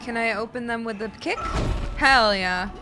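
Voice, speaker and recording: A young woman streaming a horror game, talking to her chat with excitable, jumpy reactions and swearing when startled. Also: fairly high pitch, normal speed. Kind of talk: live gameplay commentary. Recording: game music behind voice.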